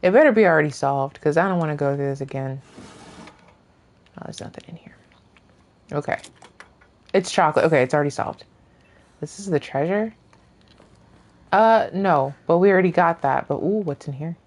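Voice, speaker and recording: A woman streamer chatting casually over her gameplay, rambling and often trailing off into soft murmurs. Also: low voice, fairly quick. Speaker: gaming streamer.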